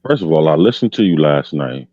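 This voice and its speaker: Very deep, dull-toned chatty man. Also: lively intonation, brisk, dark tone, no echo. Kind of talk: casual sports chat.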